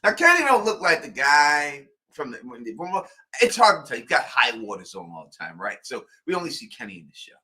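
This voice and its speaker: A man co-hosting a show, talking in an animated, emphatic way and repeating his points. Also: medium pitch, brisk. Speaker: podcast co-host. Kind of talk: casual chat.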